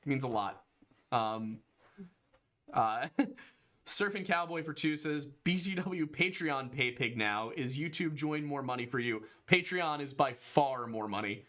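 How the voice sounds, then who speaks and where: Bright-voiced man reading donations. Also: mid-range voice, lively intonation, measured pace. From Pennsylvania. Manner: laughs often, reads messages aloud. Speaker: podcast co-host reading donations. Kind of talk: casual livestream chat.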